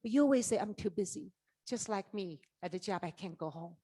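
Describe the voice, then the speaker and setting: Animated middle-aged woman giving a motivational talk. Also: medium pitch, fairly quick, breathy edge, dry recording, studio quality. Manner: animated storytelling, acts out dialogue, asks the audience questions. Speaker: network marketing leader giving a keynote. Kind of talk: motivational speech. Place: conference stage.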